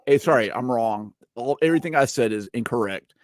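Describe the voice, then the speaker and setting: A man's voice: mid-range voice, fairly quick, no echo, clean studio sound. A man hosting a casual gaming chat, joking around and playful. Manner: playful, jokey, puts on accents. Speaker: podcast host.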